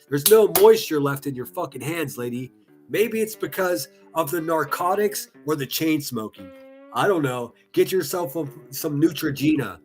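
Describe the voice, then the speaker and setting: A man with a fairly high voice riffs through online comments in casual, swear-laden commentary. He mocks and needles his targets with biting sarcasm. Soft guitar music plays faintly underneath. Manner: profane, sarcastic and mocking.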